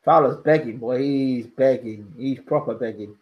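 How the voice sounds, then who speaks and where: Brief: a male boxing pundit, mid pitch, talks casually and repeats himself for emphasis. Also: moderate pace, highs cut off. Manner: opinionated, emphatic, repeats his points. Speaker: boxing pundit and channel host. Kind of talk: casual live fight commentary. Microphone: home microphone, audio only.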